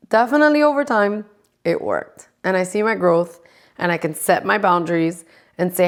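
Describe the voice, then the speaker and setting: A woman's voice: medium pitch, a little fast. A woman in her forties chatting casually to camera, blunt, sassy and full of profanity. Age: 40s. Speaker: vlogger.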